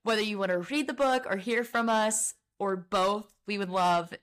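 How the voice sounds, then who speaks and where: A woman's voice: medium pitch, normal speed, fairly bright tone. A young woman, a guest on a podcast, talking about faith and her book in an earnest, heartfelt way with many fillers. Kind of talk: casual faith chat.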